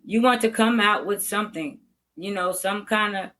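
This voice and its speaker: An older woman educator talks straight and without sugarcoating, with a bright, forceful tone. She laughs easily as she makes her points in a relaxed interview. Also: medium pitch, moderate pace. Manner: blunt, frank, laughs easily. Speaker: veteran educator, podcast guest. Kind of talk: candid interview talk.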